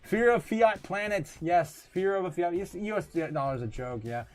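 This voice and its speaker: A man's voice: high voice, animated, normal speed, a little mellow. A man hosting a crypto livestream, casually reading out viewer comments with lots of laughter and filler words. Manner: laughs often, hesitant with many fillers.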